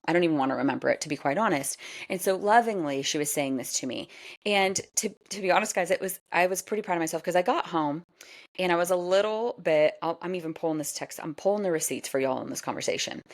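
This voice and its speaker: A woman in her forties hosting a solo podcast, chatty and animated and often laughing. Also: fairly low pitch. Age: 40s. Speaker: podcast host. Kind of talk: casual solo podcast talk.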